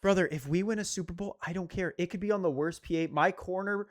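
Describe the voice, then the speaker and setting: A young man co-hosting a laid-back sports podcast, speaking a little higher than most men. He rants with lots of swearing, sometimes rising almost to a shout. The recording is dry and close, with no room sound. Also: quick pace, no room sound. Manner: animated, swearing, rising to near shouts when worked up. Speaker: podcast co-host. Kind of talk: casual sports chat.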